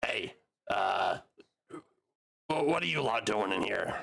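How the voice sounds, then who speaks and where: A man voicing a male goblin guard who speaks the common tongue haltingly and clumsily. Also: lowish voice, animated, creaky, a bit bright, husky, heavily acted. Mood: gruff, suspicious. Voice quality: broken, clumsy phrasing.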